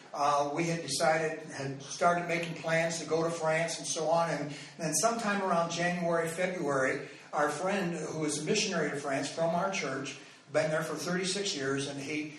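A man preaching, telling a story to his congregation in an animated, rambling way with many restarts and fillers. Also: a little high. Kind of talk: storytelling sermon. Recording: echoey hall, mic far off.

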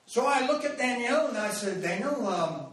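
High-voiced preacher in an echoey hall. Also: male voice, brisk. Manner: animated, rambling with restarts and fillers. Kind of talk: storytelling sermon. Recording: echoey hall, mic far off.

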